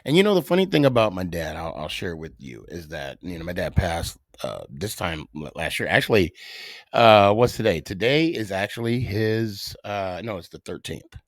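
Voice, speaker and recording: A middle-aged man hosting a casual solo podcast, telling stories with dramatic pauses. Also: deep voice, no echo, studio quality. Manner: animated storyteller with dramatic pauses. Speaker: podcast host.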